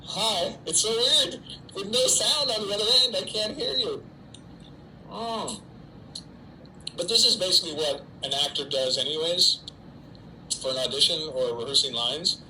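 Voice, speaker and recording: A middle-aged actor, stuck at home during quarantine, chats on a solo livestream, answering fans' typed questions and poking fun at himself for an unseen audience. His high, bright voice is forceful, moving at a moderate pace with long pauses. The audio is poor, with slight background noise.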